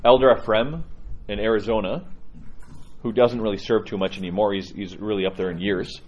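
Priest, male, low voice, informal sermon storytelling with frequent restarts, dull lo-fi recording. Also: fairly even intonation, brisk, a little mellow, slight background noise. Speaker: Orthodox priest.

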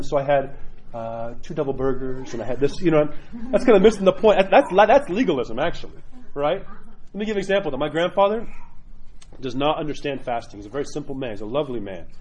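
A man, a priest, teaching a class in a chatty, animated way, often acting out quotes. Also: a little high, slightly rough, lo-fi sound. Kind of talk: casual catechism class talk.

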